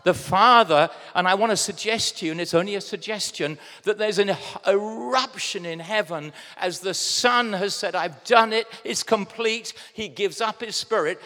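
English man, pastor, sermon, fairly high voice, lively preaching, loud bursts and hushed asides, church reverb. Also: normal speed, hardly any pauses. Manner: addresses congregation directly as guys. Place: church hall.

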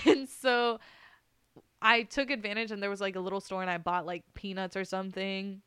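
A young woman hosting a podcast, telling a story in a lively, casual way, laughing often and cursing without holding back. Her voice is smooth and clear at an ordinary pitch for a woman. The recording is close and dry. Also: no echo. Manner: animated, laughing, swears freely. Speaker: podcast host.

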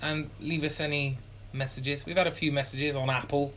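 Very low-voiced woman podcast co-host. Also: fairly even intonation, normal speed, a bit bright, a little hiss or hum. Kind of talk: casual chat.

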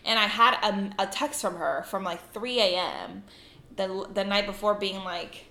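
A young woman co-hosting a podcast, telling a story in casual chat, animated and swearing freely as she acts out the people in it. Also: medium pitch, a little slow, vocal fry, reverberant. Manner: animated, swears a lot, acts out quoted voices. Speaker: podcast co-host.

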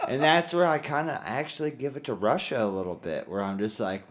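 A man's voice: mid-range voice, fairly quick, hardly any pauses, a little hiss or hum. A male podcast co-host in casual chat, joking and swearing freely. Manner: joking, profane, slangy.

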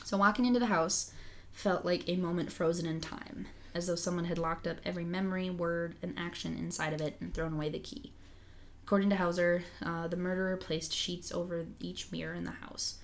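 A woman's voice: fairly low pitch, fairly even intonation, brisk, slight background noise. A young adult woman co-hosting a casual chat, reading a news story aloud with joking asides. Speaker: podcast co-host reading an article aloud.

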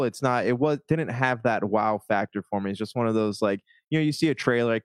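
A man with a fairly low voice talks through his thoughts on a film in a casual, hesitant way. He restarts sentences and fills gaps with "like". The recording is dry and close. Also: a little fast, few pauses, clear, resonant tone, no room sound. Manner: hesitant, lots of restarts and likes. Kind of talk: casual movie chat.

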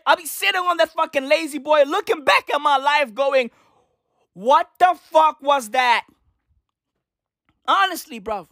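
Woman, comedic rant, lots of slang and swearing, emphatic, swooping lively pitch, fairly high voice, dry close sound. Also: no echo. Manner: slang-heavy, profane, emphatic. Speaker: comedic ranter.

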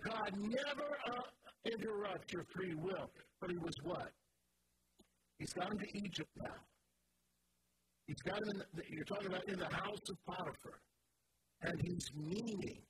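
A male pastor delivers an impassioned sermon in a high-pitched voice. He moves between soft, confiding asides and fervent, shouted declarations. A steady hiss of background noise runs under the recording. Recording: noisy church recording.

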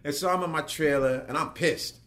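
A man, a working actor, telling an anecdote as a guest and acting out the voices of the people in it. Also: brisk. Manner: lively, acts out quotes with big pitch jumps. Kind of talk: animated storytelling.

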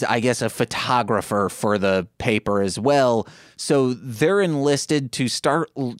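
A podcast co-host chatting casually about a movie and retelling its scenes with animated asides. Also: mid-range voice, dry recording, clean studio sound.

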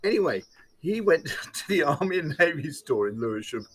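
Chatty male host telling a long story; lively, slightly high voice, laughs through lines. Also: normal speed, slight background noise. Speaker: podcast host. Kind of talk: casual chat, anecdote.

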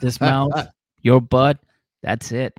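A man's voice: medium pitch, flat delivery, slow pace, no echo, clean studio sound, faint music behind. A man co-hosting a podcast, recapping a reality show in a laid-back, rambling way. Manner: laid-back, rambling, acts out quotes in mocking voices. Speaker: podcast co-host.

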